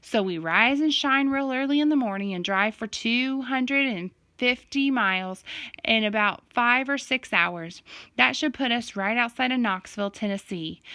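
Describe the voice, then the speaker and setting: A woman's voice: on the high side, bright, forceful tone, dry recording. A woman voicing an organized mother who reads out a trip plan in a matter-of-fact, instructing way.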